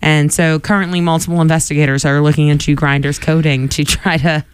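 A male radio host talks casually from the studio, leaning on "like" and laughing easily. His voice comes across smooth and resonant, and the sound is dry and close. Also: on the high side, little pitch movement, brisk, no echo. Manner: chatty, lots of "like" fillers, laughs easily.

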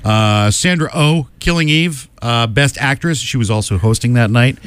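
A man in an easy, conversational recap, running down a list of winners and tossing in his own verdicts. His voice is mid-pitched and sounds dry and close, with little room around it. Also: fairly bright tone, clean tone, dry recording. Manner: rattles off winners with quick opinions, many "uh" fillers. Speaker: podcast co-host. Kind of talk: casual awards recap chat.

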